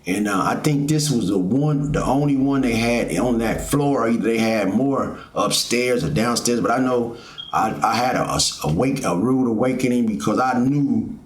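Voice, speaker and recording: A man's voice: mid-range voice, moderate pace, a little hiss or hum. A middle-aged man from Texas, telling a long personal story in a casual, rambling way with many fillers. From Fort Worth, Texas. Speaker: vlogger. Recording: roomy echo.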